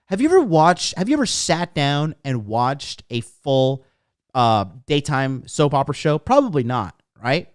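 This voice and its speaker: A man's voice: on the high side, sing-song, measured pace, dry recording, clean studio sound. Brash, profane male dating coach. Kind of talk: casual livestream chat reading comments.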